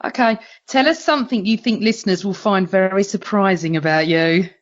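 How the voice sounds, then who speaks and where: Bubbly woman podcast co-host. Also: mid-range voice. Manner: bubbly, quick questions. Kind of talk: casual chat. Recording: dull lo-fi recording.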